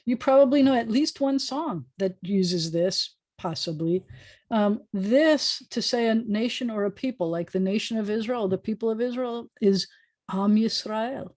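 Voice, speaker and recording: A woman's voice: on the high side, moderate pace, a little mellow, dry recording. A woman rabbi with an American accent, patiently teaching a beginner Hebrew class over a video call and sounding out letters as she goes. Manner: patient, chatty teacher demonstrating sounds aloud. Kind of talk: online language lesson. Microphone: desk microphone on a video call.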